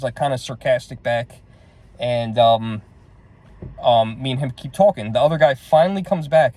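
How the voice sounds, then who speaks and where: Talking casually to the camera, a middle-aged vlogger rambles through the story of an annoying shopping trip, sounding exasperated as he repeats everyone's words. He has a mid-range voice with a darkish tone.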